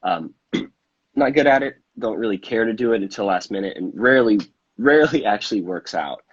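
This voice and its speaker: A man's voice: on the low side, lively intonation, moderate pace, husky, highs cut off. A man chatting casually about a trip, rambling and self-deprecating, often restarting his sentences. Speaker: podcast host. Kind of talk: casual chat.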